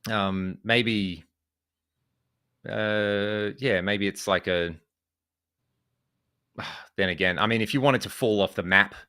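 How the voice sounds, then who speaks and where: A man's voice: on the low side, slow pace, long pauses, pushed and bright, clean tone. An Australian man from Western Australia, chatting casually as a podcast guest, rambling with lots of fillers and restarts. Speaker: podcast guest, guitar video creator. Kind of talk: casual chat.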